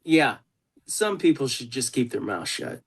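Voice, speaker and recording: A man's voice: mid-range voice, sing-song, unhurried, husky. A man hosting a consultation over a video call, telling stories bluntly and swearing freely. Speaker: consultant host. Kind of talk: casual video call chat.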